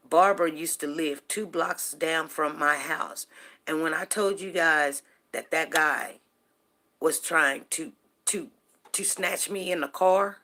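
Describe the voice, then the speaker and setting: A middle-aged woman with a deep voice hosts a show, casually telling her viewers a personal story. She speaks animatedly and directly to them, repeating words and asking "you know what I'm saying".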